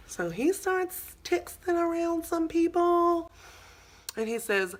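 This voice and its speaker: A woman's voice: very high-pitched, big pitch swings, takes it slowly. A young woman telling a storytime vlog, chatty and dramatic, calling her viewers y'all. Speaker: vlogger.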